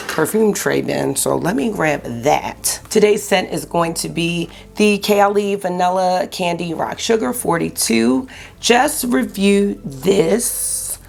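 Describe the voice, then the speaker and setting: A chatty woman in her forties with a gravelly, low morning voice talks through her makeup routine. She sounds relaxed and friendly, drops a "y'all" here and there, and talks close to the camera mic. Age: 40s. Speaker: beauty vlogger. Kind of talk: casual get-ready-with-me chat.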